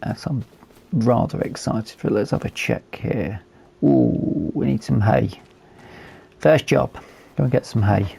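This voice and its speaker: A man with a hoarse, fading voice, calmly commentating a game as he plays and thinking aloud with fillers. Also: medium pitch, unhurried, long pauses. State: losing his voice. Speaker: gaming video host.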